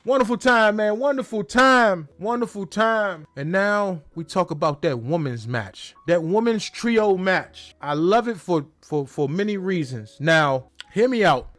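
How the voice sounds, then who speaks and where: A young man hosting a casual, jokey wrestling recap in slangy, animated talk. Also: on the high side. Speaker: host.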